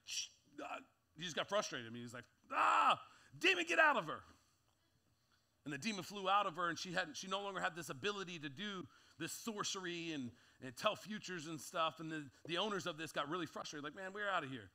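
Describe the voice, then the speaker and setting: A man's voice: high voice, lively intonation, fast talker, few pauses, pushed and bright. A man preaching a sermon, acting out quotes and building in intensity as he goes. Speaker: pastor.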